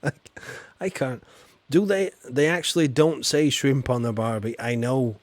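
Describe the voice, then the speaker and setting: A chatty man with a Yorkshire accent, talking through a game stream in a loose, self-deprecating way. His voice sits at a middling pitch, and he answers his chat as he plays. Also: a little slow. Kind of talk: casual livestream commentary.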